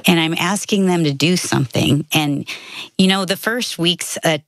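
A woman's voice: lowish voice, normal speed, dry recording. A middle-aged woman in casual conversation, telling personal stories and acting out the voices she quotes. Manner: animated storyteller who acts out quoted voices. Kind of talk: casual chat.

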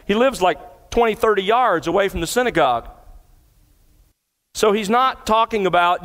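A man's voice: sits high, moderate pace, a bit bright. Man preaching in a reverberant hall. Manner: earnest, builds in intensity when retelling. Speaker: pastor. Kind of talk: expository sermon. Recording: long reverb of a large hall.

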